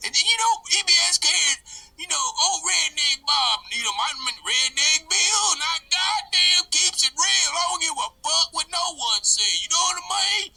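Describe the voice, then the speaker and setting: A man performs a brash country redneck in a comedy sketch, hollering and swearing nonstop. The voice sits extremely high and cuts through with a harsh, bright edge. He swings up and down all over the place as he rants. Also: animated, moderate pace, gravelly, faint music behind, heavily acted, low-quality recording. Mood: ranting. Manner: shouty, cusses constantly, rambling.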